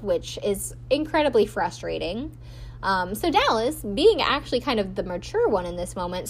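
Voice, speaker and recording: A woman's voice: mid-range voice, a little hiss or hum. A woman hosting a podcast, chatting casually as she recaps a show, her talk full of "like" and "um" fillers. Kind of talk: casual chat.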